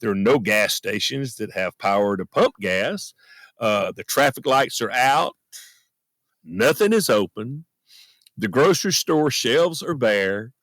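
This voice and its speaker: A man's voice: medium pitch, animated, a little slow, a bit bright, dry recording. A man hosting a podcast, telling a personal story in an earnest, folksy and self-deprecating way, recorded in a friend's closet. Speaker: podcast host.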